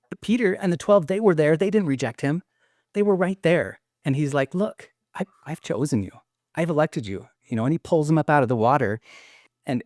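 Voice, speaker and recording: A man speaks at a middling pitch, earnest and rambling, stopping and restarting as he tells of a spiritual experience. His voice catches with emotion now and then. The sound is dry and close, with no room around it. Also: darkish tone, no room sound. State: choked up with emotion. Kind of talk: emotional testimony in casual conversation.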